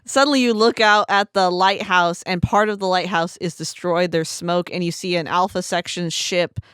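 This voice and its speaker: A woman co-hosting a podcast in casual chat, an animated storyteller who acts out the people she quotes. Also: fairly low pitch, normal speed, clean tone, dry recording, clean studio sound. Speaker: podcast co-host.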